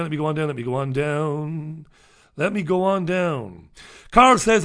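Reading out newspaper stories and comments from viewers on his live stream, a man with a fairly high, slightly bright voice keeps up a sardonic running commentary. Wry asides and scoffs pepper his rambling, repetitive delivery.

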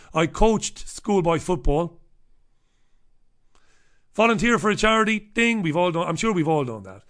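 Speaking in a high, slightly bright voice, a middle-aged man from Ireland hosts a radio show. His casual comic monologue wanders through a checklist, irreverent and profane, with free swearing.

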